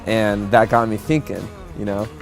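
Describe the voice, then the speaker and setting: A man's voice: lowish voice, flat delivery, moderate pace, creaky. A young man in his twenties tells how he met and proposed to his fiancée, easygoing and chuckling, with many fillers. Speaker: groom-to-be telling his love story. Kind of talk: casual interview storytelling. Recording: soft music underneath.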